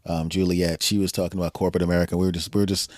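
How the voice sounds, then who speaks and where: A man's voice: low voice, flat delivery, very fast, darkish tone, no room sound, studio quality. A man hosting a podcast in casual chat, rambling and laughing often as he acts out quoted voices. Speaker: podcast host.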